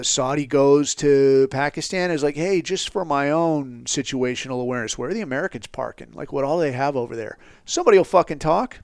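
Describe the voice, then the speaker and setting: Profane storytelling man, smooth dry voice. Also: on the high side, no room sound. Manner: crude, profanity-heavy, animated when quoting others. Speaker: podcast host.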